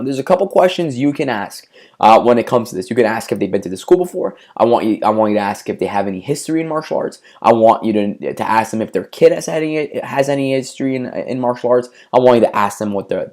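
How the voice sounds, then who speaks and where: With a medium-pitched, darkish voice, a man coaches martial arts school owners on marketing. His instructional talk is emphatic, built on repeated lists of instructions and broken by stammered restarts.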